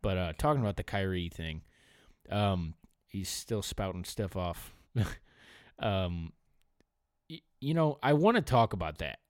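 A man co-hosting a podcast in casual sports chat, dropping to low mumbles and then rising into excited outbursts. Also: unhurried, no room sound, clean studio sound. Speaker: podcast co-host.

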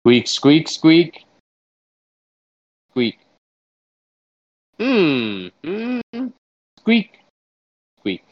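A man voicing a haughty, menacing squirrel prince who speaks only in chattering squeaks, in a comedy sketch. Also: wildly swooping pitch, darkish tone, highs cut off, full character voice. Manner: chattering squeaks in quick bursts.

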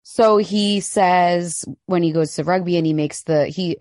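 A woman's voice: lowish voice, unhurried, a little mellow, no room sound, studio quality. Blunt, swearing woman podcast host. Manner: blunt, indignant, swears freely. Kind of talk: casual chat.

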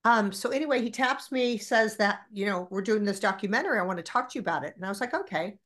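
A woman's voice: medium pitch, quick pace, few pauses. A woman in her forties, a podcast guest, telling stories candidly and animatedly with plenty of swearing. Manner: animated, profane storyteller.

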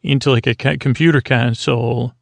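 In a gravelly, medium-pitched voice with a steady tone, a male podcast host talks fairly quickly with no echo. He rambles through a TV episode recap for sleep, with lots of fillers and restarts.

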